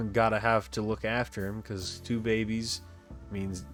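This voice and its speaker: Guy doing a jokey rambling family guy from a game, low-ish voice, goes on and on. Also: flat delivery, a little slow, soft background music, close to an everyday voice. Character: chatty cheerful family man, joking.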